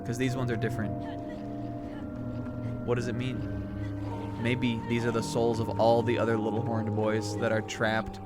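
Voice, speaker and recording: With loud music playing underneath, a young man livestreams a game in his mid-range voice at a normal speed, pausing often. He rambles casually, full of fillers and laughing asides, and gets excited about what happens on screen.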